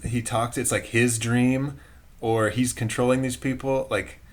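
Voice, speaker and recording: A man co-hosts in loose, casual talk. He hedges and circles his points with constant "like" and sounds puzzled. His voice sits at a mid pitch. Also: level tone, a little slow. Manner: puzzled, hedging with lots of "like". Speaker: podcast co-host. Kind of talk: casual chat.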